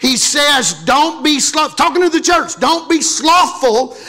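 A man's voice: very high voice, a little slow, sharp tone. A man from Louisiana preaching a sermon as pastor, joking and calling on the congregation to respond. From Louisiana, USA.

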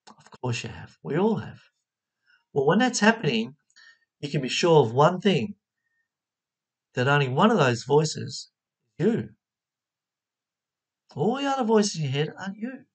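A spiritual teacher giving a motivational talk, voice swinging widely in pitch. The delivery is expressive, with frequent questions put straight to the listener. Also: a little slow, long pauses, husky.

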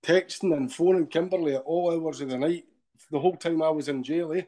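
A man's voice: a little high, a little fast, dark tone. A middle-aged Scottish man with a Scottish accent, a podcast guest telling a long story in a rambling way, dropping "eh?" at the end of his sentences. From Scotland. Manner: rambling retelling with frequent tag questions.

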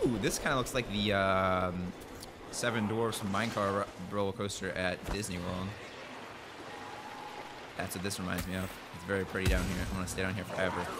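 This young gaming channel host has a low-pitched voice, fairly even intonation, and a fairly quick pace, and the recording is very noisy. Over game music, he goofs off in rambling let's play commentary and answers back to the game.

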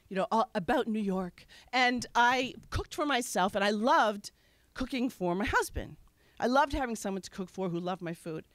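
A woman from Wisconsin tells a personal story to a live audience with a high voice that swoops up and down. She talks candidly and pokes fun at herself. The sound is close and dry, with almost no room echo. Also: a bit bright. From Wisconsin, USA. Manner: candid, conversational, self-mocking. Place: stage at a live storytelling show.

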